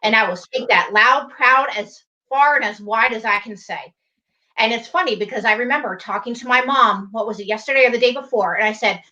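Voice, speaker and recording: A woman from the United States co-hosting a livestreamed morning show. Her voice sits high and sharp, and her delivery is urgent and sermon-like, full of pleas. The audio is dull and lo-fi. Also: expressive, a little fast. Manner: urgent, pleading, preachy. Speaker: co-host of an online morning show. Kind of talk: impassioned livestream talk.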